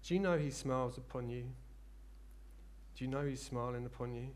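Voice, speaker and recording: A man preaching a sermon, earnest and rambling, rising into fervent excitement. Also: medium pitch, brisk.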